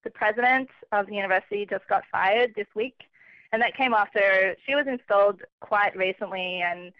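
A woman's voice: mid-range voice, normal speed, no echo. Chatty woman on a dull phone line. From Australia. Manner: chatty, laughs often, relaxed and self-mocking. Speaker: travelling correspondent. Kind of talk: casual radio chat. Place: calling in from far away.

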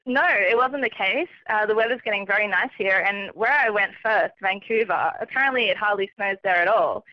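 A woman, calling in as a travelling correspondent for a casual radio chat. She is chatty and relaxed, laughs often and pokes fun at herself. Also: mid-range voice, a little fast, hardly any pauses, no echo. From Australia. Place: calling in from far away. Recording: dull lo-fi phone line.

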